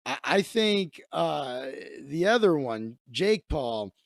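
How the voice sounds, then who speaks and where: Gravelly-voiced man rambling through a comic story. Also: a little high, sing-song, slow, no echo, clean studio sound. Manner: rambling storytelling with asides and laughs. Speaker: comedian host. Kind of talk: casual comedic monologue.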